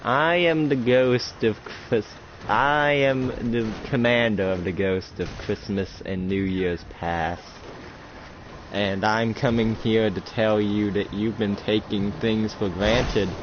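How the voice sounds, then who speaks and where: A man voicing a preachy ghostly commander with a put-on Russian accent, lecturing slowly and accusingly on a muffled recording with loud background noise. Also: on the low side, steady tone. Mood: solemn.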